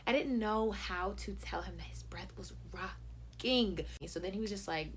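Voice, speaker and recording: A woman's voice: on the low side, normal speed, creaky, slight background noise. A young woman telling a casual storytime, chatty and full of "like", acting out what people said. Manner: chatty, heavy use of "like", acts out quotes. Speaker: YouTube storyteller.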